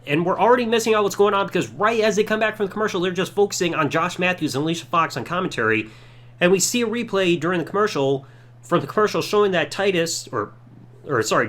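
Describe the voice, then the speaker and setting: A man's voice: sits high, fairly bright tone. A man hosting a podcast, giving a casual, sarcastic play-by-play review of a wrestling show and mocking the moves he dislikes. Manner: sarcastic, mocking, does silly impressions.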